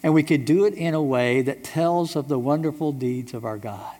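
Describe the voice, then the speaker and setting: In a church sanctuary, a middle-aged American pastor preaches emphatically, asking rhetorical questions again and again. His voice is a little high and mellow, at a moderate pace, with the long reverb of a large hall around it.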